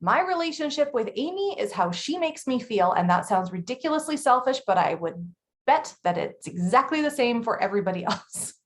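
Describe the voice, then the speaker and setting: A woman in her thirties co-hosting a casual chat, blunt and chatty with quick laughs. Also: fairly high pitch, big pitch swings. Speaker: podcast co-host.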